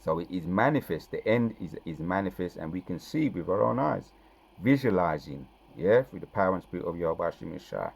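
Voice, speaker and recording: Brief: deep, gravelly male preacher, reads verses slowly, punches points with "right, man?". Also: expressive. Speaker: scripture teacher. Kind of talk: preaching scripture commentary.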